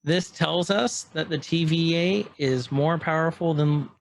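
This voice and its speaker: A man with a gravelly, slightly raised voice talks through a show on a casual podcast, slipping into its lines as he goes. Faint room ambience hums behind him. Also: fairly high pitch, a little slow, a little hiss or hum. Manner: animated, acts out scene quotes in passing. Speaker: podcast co-host. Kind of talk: casual chat, recapping a show.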